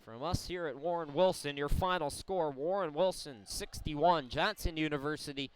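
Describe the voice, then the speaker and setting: A man calling a college women's basketball game play by play, explaining the situation in a measured way between plays. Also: fairly high pitch, slight background noise. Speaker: play-by-play announcer. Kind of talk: sports commentary. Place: college gym broadcast.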